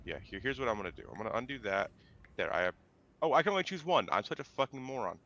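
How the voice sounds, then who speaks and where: A man's voice: medium pitch, animated, fast, pushed and bright, highs cut off. A young man playing a co-op game with friends, chatting casually and rambling about his build. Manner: rambling, self-deprecating. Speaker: co-op player. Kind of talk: casual gaming chat.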